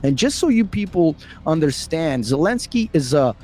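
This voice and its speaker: A man's voice: on the high side, big pitch swings, moderate pace, mellow. A man hosting a reaction video in heated, slangy, rambling casual commentary. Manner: slangy, heated and rambling, full of "bro" and "freaking".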